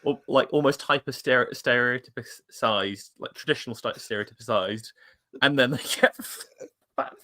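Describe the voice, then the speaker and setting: A man's voice: mid-range voice, normal speed, bright, forceful tone. A man co-hosting a casual chat over a video call, reacting to adverts, stumbling over his words and laughing often. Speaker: podcast co-host.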